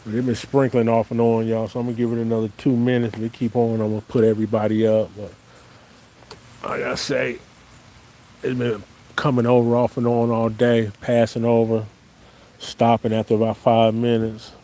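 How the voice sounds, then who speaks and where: A man's voice: medium pitch, little pitch movement, moderate pace, poor audio. A man breeding dogs, hosting a casual livestream outdoors under a tree, chatting easily with viewers and calling to his dogs. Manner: easygoing, calls viewers "y'all" and shouts to his dogs. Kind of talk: casual live-stream chat. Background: light rain.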